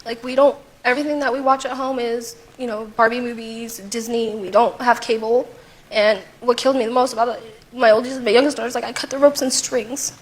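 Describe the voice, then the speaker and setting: A woman's voice: fairly high pitch, fairly even intonation. A woman, a mother and talk show guest, telling her story in a rush, full of fillers and retold dialogue. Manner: rapid, full of "like", retells her child's words. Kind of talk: emotional testimony on a talk show.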